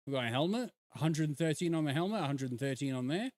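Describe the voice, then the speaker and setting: An animated English man on a live game stream, chatting with his viewers and swearing freely. His voice runs high and swings a lot in pitch. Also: fast, dry recording. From England. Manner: animated, swearing, answering chat. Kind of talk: casual live-stream chat while gaming.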